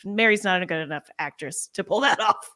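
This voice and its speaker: A woman's voice: medium pitch, fairly quick, bright, forceful tone. A woman giving blunt, skeptical opinions in a casual chat. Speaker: co-host.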